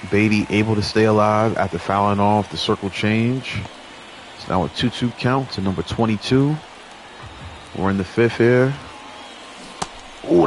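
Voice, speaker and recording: A young man giving play-by-play commentary over a baseball video game, chatty with viewers and lively on big plays. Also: lowish voice, slight background noise. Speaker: gaming channel host.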